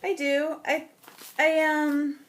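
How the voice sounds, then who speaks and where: A woman's voice: high voice, level tone, slow pace. A woman vlogger, maybe in her thirties, chatting casually to the camera in a rambling way and laughing often. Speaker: scrapbooking vlogger.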